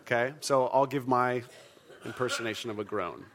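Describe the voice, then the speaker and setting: A man's voice: mid-range voice, moderate pace, noisy background. A man preaching a sermon to his congregation in an earnest, conversational way, leading the room in call-and-response. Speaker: pastor.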